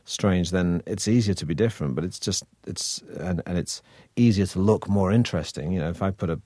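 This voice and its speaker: A deep-voiced Manchester actor, guesting on a relaxed conversational interview, has a northern accent that drifts toward received pronunciation. He talks a little fast with a dark tone, loose and wry, with plenty of fillers and false starts. The sound is close and dry, without echo.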